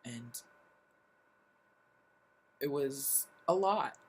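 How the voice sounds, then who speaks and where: A young adult vlogger talking in a personal confessional style, halting and sighing with lots of filler words. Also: medium pitch, expressive, a little mellow, breathy edge, poor audio.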